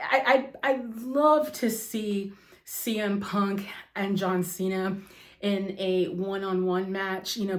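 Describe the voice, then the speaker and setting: A woman in her thirties hosting a wrestling talk show, gushing and emotional, calling her viewers "you guys" and exclaiming "oh my gosh.". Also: mid-range voice. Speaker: wrestling vlogger. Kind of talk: excited casual chat to camera. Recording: echoey room.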